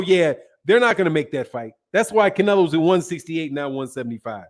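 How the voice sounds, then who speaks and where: His voice is a bit high with lively intonation, and he talks briskly with hardly any pauses. A boxing talk show host from Chicago, he's on a casual live stream reading chat messages and replying brashly and profanely, repeating himself for emphasis.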